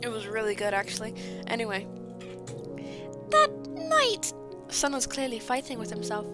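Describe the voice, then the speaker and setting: A woman with a somewhat high voice reads her friends' old fan fiction aloud on a livestream. She keeps breaking off to giggle, apologize and comment. Music plays clearly behind her. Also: fairly even intonation, fast talker. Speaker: streamer. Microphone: streaming mic. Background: music playing.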